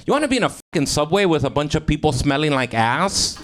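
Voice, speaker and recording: Fast-talking and on the high side, with big swings in pitch, a Mexican-American man does improvised stand-up built on audience suggestions at a comedy club. The live stage recording is noisy, and he's profane, self-mocking, and quick to laugh at his own jokes as he banters with the crowd.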